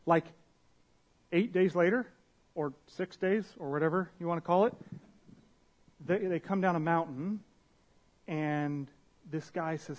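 A man's voice: on the high side, measured pace, long pauses, a little mellow. A young man preaching a sermon as a pastor, casual and conversational, with slang, restarts and Bible readings.

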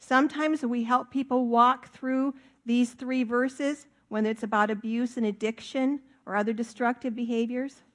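A woman's voice: on the high side, fairly even intonation. A middle-aged woman pastor preaching a sermon in a church, earnest and emphatic, stretching out key words for weight. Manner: earnest, emphatic, with drawn-out stresses.

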